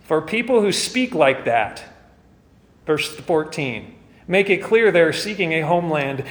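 A man's voice: fairly high pitch, animated, unhurried, long reverb tail. A man preaching a sermon as pastor, earnest and rising to fervent emphasis.

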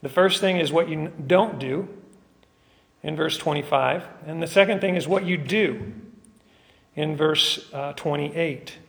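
A man's voice: fairly high pitch, measured pace, vocal fry, fairly bright tone, big-room sound. A man preaching a sermon as pastor, with joking asides that build into emphatic preaching.

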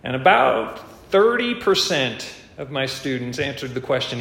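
A man's voice: medium pitch, very animated, normal speed, creaky, fairly bright tone, a little hiss or hum. A man preaching an expository sermon, earnest and emphatic, lifting his voice on key points. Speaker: preacher and teacher. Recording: roomy echo.

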